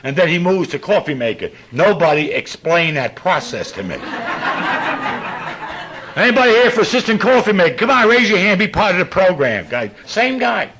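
An older man, telling profane stories to a laughing recovery-meeting audience in a gruff voice. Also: very animated, moderate pace. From New York. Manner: gruff and profane, with big swings in pitch and loudness. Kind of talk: storytelling talk to a live audience.

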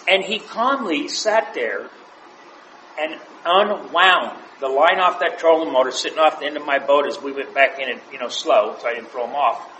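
A man with a somewhat high voice tells casual anecdotes at a group meeting, chuckling as he goes. He is heard in an echoey room. A faint background hiss sits under him. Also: moderate pace, bright, forceful tone, lo-fi sound. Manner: anecdotal, chuckles through his stories. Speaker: meeting member sharing. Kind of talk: casual storytelling share.

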